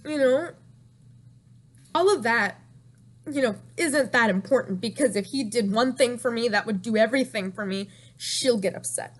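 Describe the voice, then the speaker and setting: A woman's voice: a little high, fairly quick, few pauses. A young woman telling an emotional storytime vlog, distraught and rambling, repeating herself and crying at times.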